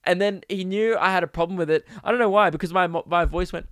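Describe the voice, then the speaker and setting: Ranting Australian guy, smooth clear voice. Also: brisk, dry recording, studio quality. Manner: animated, exasperated ranting with sudden high-pitched outbursts. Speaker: podcast host. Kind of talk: comedic rant.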